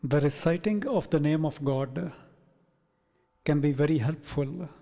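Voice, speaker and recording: Slow, mellow-voiced male spiritual teacher. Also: on the high side, long reverb tail. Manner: measured, reflective, in short phrases. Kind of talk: slow meditative spiritual talk.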